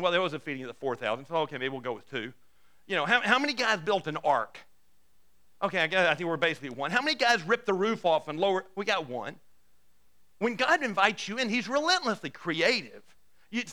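Bright high-voiced man preaching a sermon. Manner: conversational, animated storytelling with repeated restarts. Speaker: pastor.

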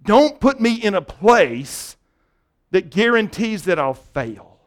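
Guy pastor w a high voice, preaching casual-like, lots of restarts and "right?". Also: big pitch swings, takes it slowly. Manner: conversational preaching with frequent restarts and "right?" asides. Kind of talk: sermon.

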